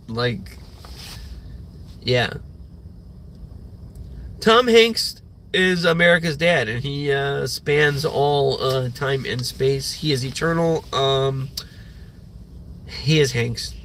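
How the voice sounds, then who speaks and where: A man's voice: mid-range voice, a bit bright, slight background noise. A young man streaming a rambling morning rant, full of fillers and swearing. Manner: rambling, profane, filler-heavy. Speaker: livestreamer.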